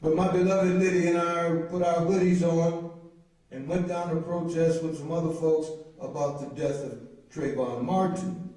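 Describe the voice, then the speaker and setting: A man's voice: on the high side, dark tone. A middle-aged man, from Mississippi, telling a humorous personal testimony to a congregation as an intern minister. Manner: humorous storytelling, drawn-out phrasing. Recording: echoey hall from far off.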